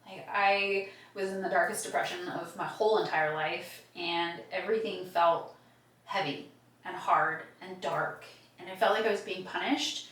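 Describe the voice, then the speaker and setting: A woman's voice: on the low side, steady tone, moderate pace, fairly bright tone, far from the mic. A woman hosting a faith podcast, telling personal stories in a candid, heartfelt way. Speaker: podcast host. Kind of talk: casual faith conversation. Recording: echoey room, voice off-mic.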